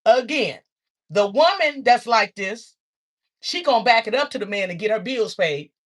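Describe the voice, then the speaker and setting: Animated woman, husky voice, lively pitch. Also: normal speed. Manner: animated storytelling, acts out quotes with sudden high squeals. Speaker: social media talker. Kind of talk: casual monologue to viewers.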